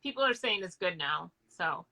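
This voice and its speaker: A woman's voice: lowish voice, lively intonation, normal speed, gravelly, pushed and bright, low-quality recording. A woman casually chatting on a video call, talking loosely with lots of "I think" and "like". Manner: chatty, says "like" and "I think" a lot. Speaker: co-host of a live reading. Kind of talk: casual chat.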